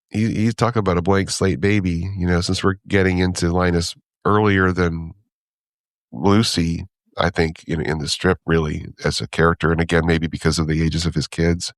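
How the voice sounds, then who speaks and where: A man's voice: low-pitched, dry recording, clean studio sound. A man co-hosting a podcast, talking easily, thinking aloud and laughing often. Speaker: podcast co-host. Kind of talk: casual chat about comic strips.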